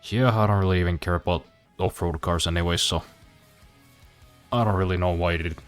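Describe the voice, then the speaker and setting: A man with a very deep voice talks loosely over a racing game, tossing off dry, self-mocking jokes. Faint game music runs quietly behind him. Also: steady tone, a little fast. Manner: dry self-deprecating humor, swears casually. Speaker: streamer. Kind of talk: casual gameplay commentary.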